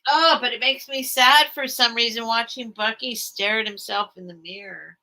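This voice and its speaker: A woman's voice: fairly high pitch, fairly even intonation, normal speed, sharp tone, rough recording. A middle-aged woman hosting a casual live-stream sale from home, chatty and rambling with lots of ums. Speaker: online vintage seller.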